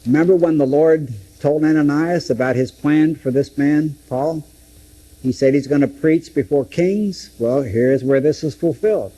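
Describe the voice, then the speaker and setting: A man's voice: fairly high pitch, moderate pace, dark tone, low-quality recording. A man teaching through a Bible book, dramatically acting out the quoted speeches. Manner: dramatic, acts out scripture quotes.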